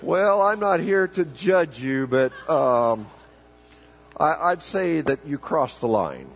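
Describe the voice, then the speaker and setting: A man's voice: a little high, sing-song, takes it slowly, vocal fry, rough recording. A man preaching a folksy, joking sermon in church, often repeating words as he starts a thought. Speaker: pastor.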